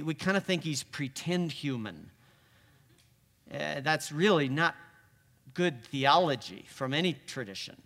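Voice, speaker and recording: A man preaching a sermon, conversational, moving from hushed lines to emphatic ones. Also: sits high, long reverb tail.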